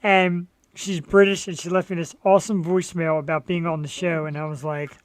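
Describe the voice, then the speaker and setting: A man hosting a live online show, chatting casually in an excitable, rambling, joking way. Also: a little high, brisk, no room sound. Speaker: host.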